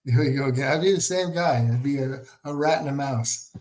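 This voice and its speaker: A man's voice: mid-range voice, a little fast, darkish tone. A man in a casual chat, cracking dry jokes as a sidekick.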